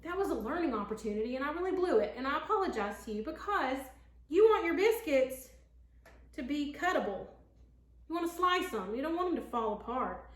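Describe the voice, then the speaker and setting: A woman's voice: sits high, big pitch swings, fairly quick, reverberant. A woman with a Southern American accent, chatting folksily to viewers in a casual cooking vlog from her home kitchen. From Tennessee. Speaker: home cook.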